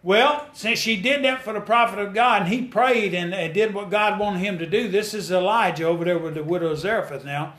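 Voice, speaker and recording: A man's voice: sits high, brisk, hardly any pauses, fairly bright tone. A man preaching a sermon in a folksy way, repeating phrases and rising to fervent exhortation.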